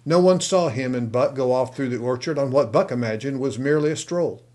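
Man narrating a storybook, mid-pitched. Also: a little fast. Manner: steady, expressive storytelling. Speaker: audiobook narrator. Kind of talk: scripted narration.

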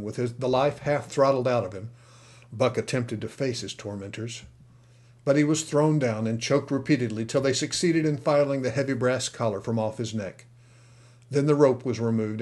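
A man narrating an audiobook in a steady, expressive storytelling manner. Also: medium pitch. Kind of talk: scripted narration.

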